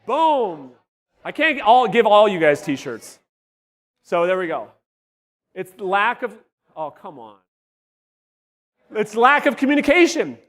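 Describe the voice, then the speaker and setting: A man coaching real estate agents at a live workshop, energetic and blunt, swearing and quizzing the audience, his voice wearing out. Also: high-pitched, takes it slowly, pauses often. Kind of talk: live workshop teaching to a room. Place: large room with live audience. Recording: long hall reverb.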